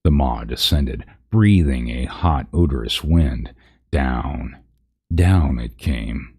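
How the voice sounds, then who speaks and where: A man's voice: very deep voice, lively intonation, slow, warm tone, breathy edge. A man reading a parody fantasy story aloud on a live stream, chatting with viewers and laughing at his own slips.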